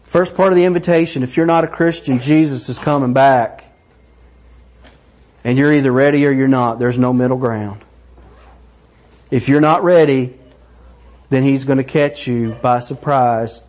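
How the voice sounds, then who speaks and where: A middle-aged man preaching a sermon, animated and excited, acting out voices. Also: mid-range voice, normal speed, pauses often. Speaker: pastor.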